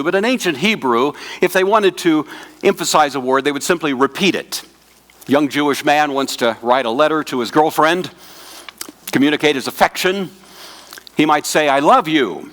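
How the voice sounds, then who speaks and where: A man giving a conference lecture to pastors, in a measured, teacherly manner, putting questions to his audience and slowing down and dropping his voice on key words. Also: a little high, fairly bright tone.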